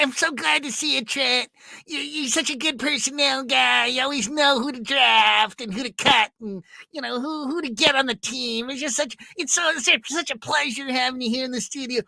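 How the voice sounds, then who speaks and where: A man doing an impression of an excitable older male radio host, talking in a high, gushing voice. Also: moderate pace, creaky, dry recording, full character voice.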